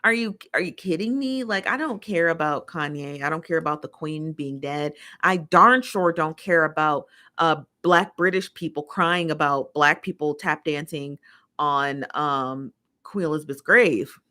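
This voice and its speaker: An American woman with a fairly low voice hosts a casual livestream. She reads viewer comments aloud and answers them with exasperated, emphatic ranting. She repeats her points to drive them home. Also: measured pace, bright, forceful tone. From United States. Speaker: livestream host.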